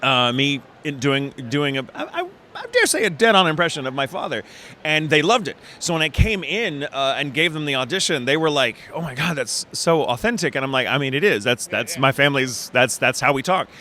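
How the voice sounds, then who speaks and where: A middle-aged man from Texas, a voice actor talking in a convention interview, animated and quick to restart his sentences and laugh. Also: medium pitch. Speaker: voice actor guest.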